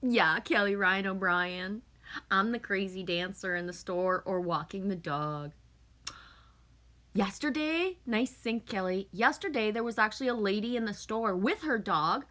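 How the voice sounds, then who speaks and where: A woman's voice: mid-range voice, lively intonation, a little slow, fairly bright tone. A middle-aged woman from Canada chatting casually with viewers, telling stories, swearing freely and laughing often. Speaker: livestream host.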